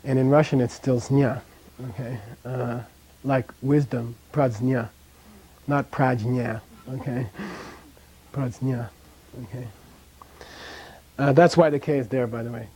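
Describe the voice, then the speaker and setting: A man's voice: medium pitch, mellow, husky. A man teaching a language class in a classroom, chatty, often checking in with "okay?" and drilling pronunciation.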